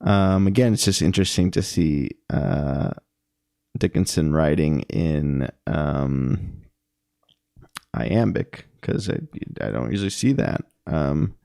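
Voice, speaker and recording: Young man, unhurried, dry close sound, thinking aloud about verse with lots of ums. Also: a bass voice, expressive, gravelly, darkish tone, no echo. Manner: musing, halting, many ums and self-corrections. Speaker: poetry commentator. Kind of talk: casual spoken analysis.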